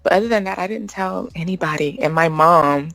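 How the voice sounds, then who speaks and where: A woman's voice: on the low side, brisk, creaky, no room sound, rough recording. A woman in her thirties, a podcast guest telling stories of motherhood, acting out what people said and laughing often. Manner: warm storytelling, acts out quotes, laughs often. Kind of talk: casual interview chat.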